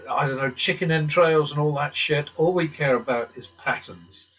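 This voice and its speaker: A man's voice: medium pitch, normal speed, few pauses, a bit bright, faint music behind, poor audio. Man muttering blackjack calculations. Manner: muttering calculations, occasional swearing, wry asides. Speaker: blackjack strategy channel host. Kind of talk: casual commentary while playing simulated blackjack.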